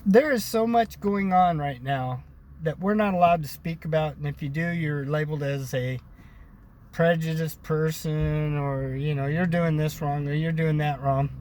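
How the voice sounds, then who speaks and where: Ranting male vlogger, American, slightly high, preachy, repetitive. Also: normal speed, a little mellow. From United States. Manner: ranting, preachy, repeats himself; addresses viewers as brothers and sisters. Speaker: video blogger. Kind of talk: casual opinion monologue to camera.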